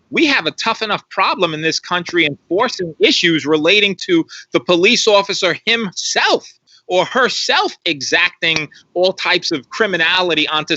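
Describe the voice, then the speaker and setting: A man's voice: high-pitched, pushed and bright, dry recording, dull audio. A man speaking as an interview guest on a live stream, emphatic and repetitive, asking rhetorical questions. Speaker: guest commentator on policing.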